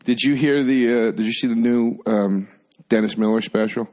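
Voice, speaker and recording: A man's voice: medium pitch, steady tone, moderate pace, darkish tone. A man in his forties co-hosting a podcast, chatting casually as a laid-back, wry storyteller. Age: 40s. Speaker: podcast co-host. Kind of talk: casual chat.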